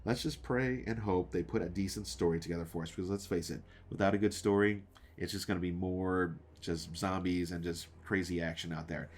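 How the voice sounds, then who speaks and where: A man's voice: deep voice, steady tone, a little fast. A man hosting his own channel, giving a casual, rambling episode review with many fillers and restarts, often asking his viewers questions. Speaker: show reviewer and channel host.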